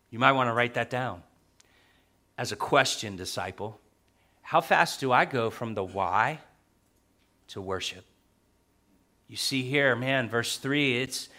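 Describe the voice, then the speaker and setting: A man preaching a sermon as pastor, emphatic, repeating key phrases and swinging from soft to loud. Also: mid-range voice.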